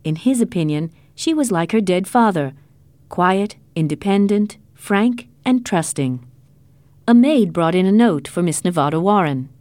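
A woman reading a story aloud in a clear, measured way. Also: fairly low pitch, animated, a little mellow, no room sound. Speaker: narrator. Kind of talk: scripted storybook narration.

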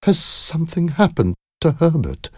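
A man voicing an anxious, high-pitched mother. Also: very animated, unhurried, a little mellow, no room sound, clean studio sound. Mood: frightened. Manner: high strained pleading voice. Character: distraught anxious mother, middle-aged woman.

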